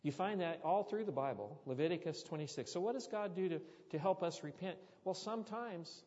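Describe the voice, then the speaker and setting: Brisk and high-voiced, a man preaching as a pastor tells a story in his sermon, breaking into abrupt loud outbursts as he gets animated. The sound comes through muffled with the echo of a church hall.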